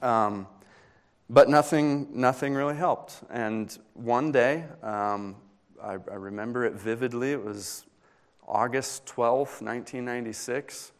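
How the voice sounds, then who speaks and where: A young adult pastor with a medium-pitched voice preaches a sermon. He tells a personal story earnestly, pausing often as his delivery builds in intensity.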